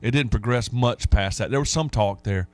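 A man hosting casual sports talk radio, telling stories and getting animated when he quotes others. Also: medium pitch, moderate pace, soft background music.

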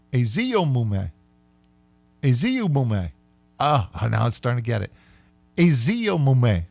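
A man hosting a sports radio show, chatting casually and playfully, sometimes slowing right down to sound out words. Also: fairly low pitch, creaky, dry recording.

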